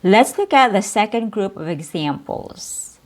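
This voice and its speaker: With a mid-range voice and lively intonation, a woman teaches English pronunciation at a slow pace. She articulates clearly and draws out sample sounds and syllables one by one.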